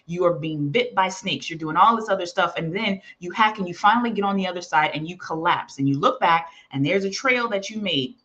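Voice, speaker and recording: A woman's voice: on the low side, fairly quick, hardly any pauses, fairly bright tone, lo-fi sound. A woman teaching in a sermon style, telling a story and acting out the voices of its characters. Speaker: preacher.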